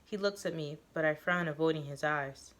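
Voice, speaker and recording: A woman reading a first-person story aloud, halting now and then with fillers and self-corrections. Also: low voice, a bit bright. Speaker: reader of a story.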